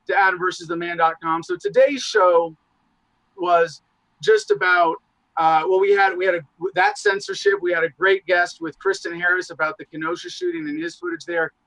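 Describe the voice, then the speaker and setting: High-voiced animated man on a podcast. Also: no echo, low-quality recording. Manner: animated, profane, rambling asides. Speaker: podcast guest, show host. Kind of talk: casual podcast conversation.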